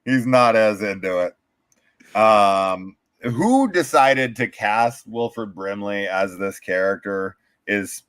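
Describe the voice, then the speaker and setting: A man co-hosting a casual movie review podcast, swearing and acting out characters in quick impressions. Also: lowish voice, expressive, a bit bright, clean tone, dry recording. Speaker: podcast co-host.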